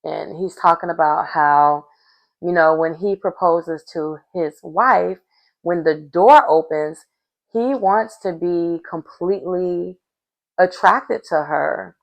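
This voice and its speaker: A woman recaps a dating show in a relaxed, conversational vlog. Her voice carries a gravelly, fry-tinged edge, and she speaks at a slow, easy pace. She throws in sassy remarks aimed directly at her audience. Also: lowish voice. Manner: sassy, talks straight to viewers with asides. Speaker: reality show recap vlogger. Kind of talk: casual chatty episode recap.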